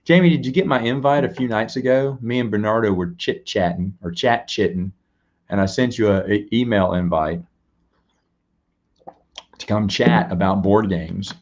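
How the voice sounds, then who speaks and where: A man's voice: on the low side, normal speed, darkish tone, dull audio. Rambling man hosting a live stream. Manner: rambling, repeats words and restarts; chats to viewers and reads out donations. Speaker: live-stream show host. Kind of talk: casual live-stream chat.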